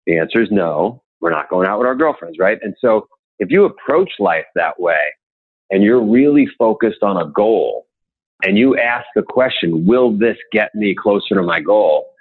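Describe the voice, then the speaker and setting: Animated man over a tinny line. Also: moderate pace, husky. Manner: animated, acts out quotes in raised pitch. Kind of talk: motivational storytelling.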